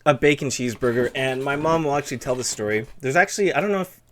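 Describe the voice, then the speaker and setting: A man's voice: medium pitch, lively intonation, quick pace. Chatty rambling man streamer. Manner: rambling, chatty, reads chat aloud. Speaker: streamer host. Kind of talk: casual chat on a live stream.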